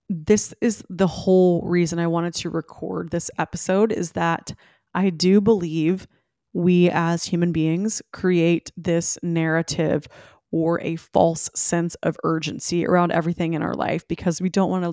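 A woman hosting a solo podcast. She gives listeners animated, emphatic pep talks and speaks to them directly. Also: lowish voice, no room sound, studio quality. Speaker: podcast host. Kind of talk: solo podcast talk, motivational.

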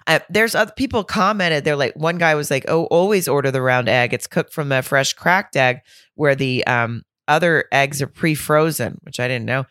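A woman co-hosting a podcast, chatting casually in an animated, laughing way. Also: low-pitched, normal speed, no echo, clean studio sound. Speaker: podcast co-host. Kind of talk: casual chat.

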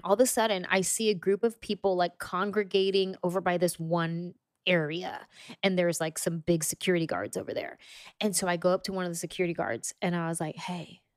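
A young adult woman telling stories as a podcast guest, animated and acting out quotes with frequent laughter. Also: lowish voice, brisk, clear, resonant tone, no echo, clean studio sound. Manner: animated storyteller, acts out quotes, laughs often. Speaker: guest author. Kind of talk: casual storytelling in a podcast interview.

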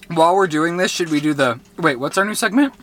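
A playful young man co-hosting a podcast in casual chat, with a quick, campy delivery. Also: a little high, expressive, fairly bright tone, a little hiss or hum. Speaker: podcast co-host.

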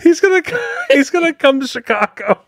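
Man, animated voice, dry close mic, casual chat, quick asides. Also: extremely high pitch, no room sound. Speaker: podcast co-host.

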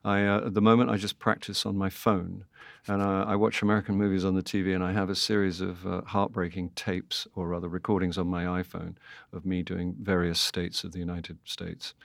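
An older British actor, a guest in an interview, talking casually and haltingly with many restarts and self-deprecating asides. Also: male voice, sits low, little pitch movement, vocal fry, no room sound. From Britain.

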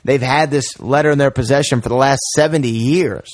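A man leading a casual film podcast, retelling scenes with animated energy and frequent um and uh. His voice sits at a middle pitch. The sound is dry and close. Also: brisk, no room sound. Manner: animated retelling, many fillers. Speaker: podcast host. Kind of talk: casual film review chat.

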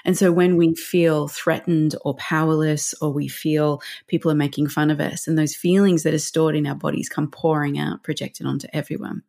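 A woman talking through parenting ideas in a conversational interview, her voice sitting a little low. She explains things earnestly and with emphasis, in the steady manner of a counsellor who has said this to many parents. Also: normal speed, creaky, few pauses.

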